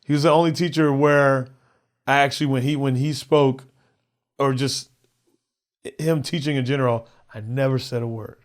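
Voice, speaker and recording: A male comedian who is a podcast guest tells a personal story in a relaxed, conversational way. His speech is halting and full of repeated words, and he acts out the other people's voices. His voice sits at an ordinary pitch for a man. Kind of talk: casual storytelling.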